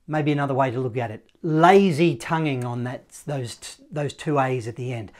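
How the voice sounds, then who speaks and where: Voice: mid-range voice, expressive, a little fast, few pauses. Chatty, encouraging online saxophone tutor; casual delivery, scats and counts. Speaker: saxophone teacher. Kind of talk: online music lesson.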